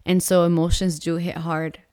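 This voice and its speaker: A woman's voice: fairly low pitch, little pitch movement, normal speed, mellow, no room sound, clean studio sound. A woman in her thirties, a mother co-hosting a vlog, talking earnestly and openly about her feelings with many casual fillers. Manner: earnest and open, with frequent fillers. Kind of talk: candid personal vlog talk.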